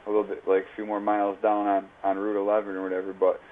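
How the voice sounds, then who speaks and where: A man's voice: lowish voice, completely flat delivery, fast. A man telling a rambling, profane story in casual, slang-heavy chat while livestreaming. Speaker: live streamer. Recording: tinny phone-like audio.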